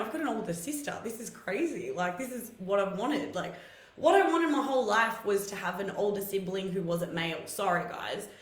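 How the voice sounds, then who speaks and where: A middle-aged woman talks in a chatty, animated way as she hosts a casual live stream. Her voice sits at a medium pitch for a woman. The room around her gives the sound a clear echo. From Greece. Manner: chatty, animated storytelling with laughs and many fillers. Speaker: host.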